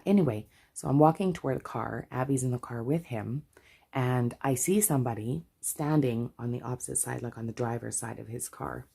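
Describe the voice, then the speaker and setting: A woman's voice: very deep voice, creaky, dark tone, husky. A middle-aged Canadian woman telling a story in a casual chat, chatty and full of asides. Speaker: budgeting vlogger.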